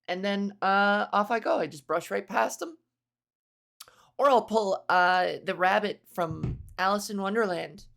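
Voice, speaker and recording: A woman comedian hosts a podcast, talking in a loose, rambling monologue that swears freely and keeps cutting itself off mid-thought. Her voice has a gravelly, fry-heavy edge. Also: medium pitch, normal speed, fairly bright tone. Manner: rambling, profane, self-interrupting.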